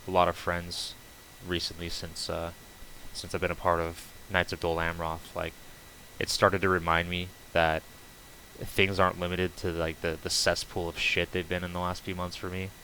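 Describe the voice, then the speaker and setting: A man's voice: low voice, bright, forceful tone, slight background noise, low-quality recording. A man casually chatting while streaming a game, rambling loosely with many fillers and restarts. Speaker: streamer building on a game server.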